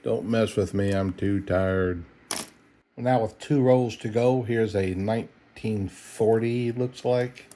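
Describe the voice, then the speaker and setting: A man's voice: fairly low pitch, steady tone, slow, warm tone, a little hiss or hum. A middle-aged man, tired and yawning, chatting in an easygoing, folksy way while he searches coin rolls late at night at home. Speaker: coin roll hunter. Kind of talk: casual narration while searching coins.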